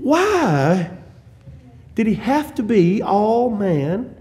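A male preacher with a high-set voice delivers a fervent sermon in a church. He swings from shouted peaks down to low, hushed asides, and he chuckles and drops folksy humor between his points. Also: sing-song, drawn-out words, a little hiss or hum.

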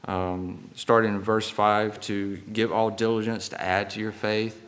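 A hoarse man preaching a sermon in a church, halting with fillers and restarts. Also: on the low side, level tone, fairly bright tone.

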